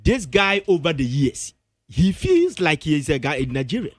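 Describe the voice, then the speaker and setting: A Ghanaian music pundit on radio, pressing his point again and again. His voice sits high and leaps about. It is recorded close and dry in the studio. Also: very animated, normal speed, dry recording. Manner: emphatic, insistent, repeats himself to hold the floor. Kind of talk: heated entertainment-show debate.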